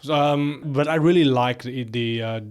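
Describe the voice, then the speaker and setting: A man's voice: mid-range voice, moderate pace, clear, resonant tone. A man co-hosting a podcast, talking casually about a film and stumbling over his words as he recaps the plot. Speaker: podcast co-host.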